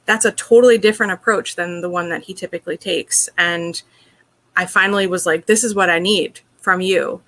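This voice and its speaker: A woman's voice: fairly low pitch, fairly even intonation, brisk, fairly bright tone. A woman being interviewed, telling a personal story in an earnest, open way, with lots of "like" and "you know". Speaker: interview guest.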